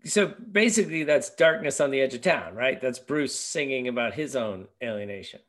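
A man's voice: medium pitch, expressive, moderate pace, fairly bright tone. A man hosting a music podcast, leading the talk with questions and feeling his way through his phrasing. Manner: leads the talk, asks questions, searching phrasing. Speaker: podcast host. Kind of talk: casual music chat.

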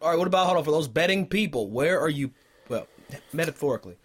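High-voiced joking male host. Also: expressive, fast, fairly bright tone, husky. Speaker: show host. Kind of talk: casual sports chat.

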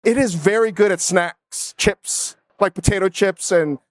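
A man's voice: sits high, a little slow, no room sound. A man hosting a casual chat, upbeat and teasing, laughing often. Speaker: host.

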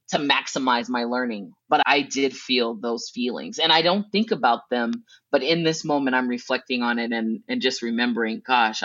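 Animated woman from Southern California. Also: dry recording. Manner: animated, acts out her own past thoughts with big pitch jumps; swears casually and laughs between thoughts. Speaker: guest, educational consultant. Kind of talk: casual interview storytelling. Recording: dull, dry sound.

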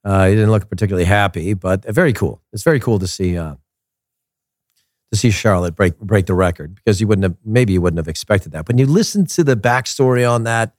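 A man hosting a casual soccer commentary show, opinionated and animated, repeating his points for emphasis. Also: on the low side, brisk, dry recording, clean studio sound. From United States.

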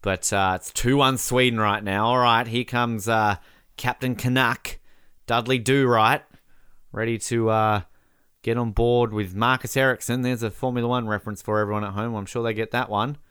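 A man doing casual, joking commentary while watching a match, with bursts of excited shouting at big moments. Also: medium pitch, moderate pace, smooth, dry recording, clean studio sound. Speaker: podcast co-host.

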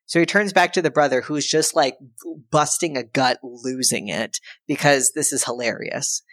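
A woman's voice: a bass voice, no room sound. A woman co-hosting a podcast, casually recapping a film's plot in a loose, irreverent way and briefly acting out characters' lines. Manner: animated, acts out characters' lines in quick put-on voices; loose and irreverent, with frequent fillers and profanity. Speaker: podcast co-host.

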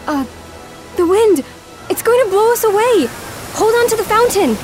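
A woman's voice: extremely high pitch, lively intonation, moderate pace, over music. An actress playing an earnest, dreamy young woman in a comedy audio drama. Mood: panicked. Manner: earnest, dreamy, easily rattled. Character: young woman, sweet and anxious. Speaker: Sarah, lead character. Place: city apartment, Brooklyn.

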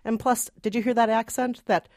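A woman's voice: a little high, steady tone, normal speed, a little mellow, no room sound, clean studio sound. A woman co-hosting a movie review podcast, talking casually and laughing easily. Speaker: podcast co-host, film critic.

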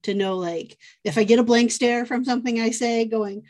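An American woman hosting a relaxed conversation with a guest. She speaks in a friendly, reflective way and laughs often between her thoughts. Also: fairly high pitch, normal speed. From United States. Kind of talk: casual conversation.

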